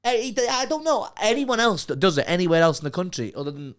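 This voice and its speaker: A young man with a Liverpool accent, co-hosting a casual podcast with lively, swearing banter. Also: high-pitched, fast. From Liverpool, England. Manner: animated, swearing, mocking impressions. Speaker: podcast co-host.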